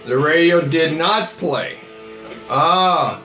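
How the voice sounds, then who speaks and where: A man's voice: on the high side, takes it slowly, fairly bright tone, echoey room, soft background music, rough recording. A man in his seventies, a missionary preaching on a live stream and answering viewer comments in a rambling, earnest, repetitive way. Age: 70s.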